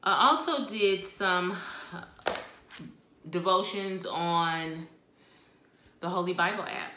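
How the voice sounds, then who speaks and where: A woman chatting casually about books she read, expressive and talkative with laughs and asides. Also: on the low side, slow, reverberant, background noise. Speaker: book vlogger. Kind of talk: casual book review chat.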